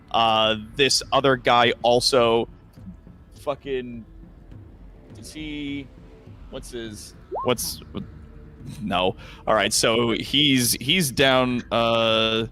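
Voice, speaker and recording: A man's voice: mid-range voice, bright, forceful tone. A man narrating as game master, laughing often and loose with his words, with many ums and restarts.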